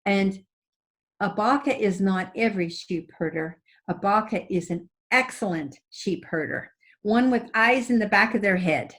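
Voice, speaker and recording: Older lady psychic guest, chatty, animated storyteller, laughs a lot. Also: mid-range voice, a little slow. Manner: expressive, laughs often while telling stories.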